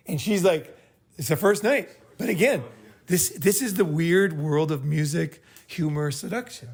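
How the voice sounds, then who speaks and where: A man's voice: on the high side, lively intonation, a little slow, gravelly, darkish tone, slightly rough. A man hosting a group meeting, giving blunt, profane advice in a rambling way and checking in with "right?" after each point. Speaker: host leading a group meeting. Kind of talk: casual group talk, advice.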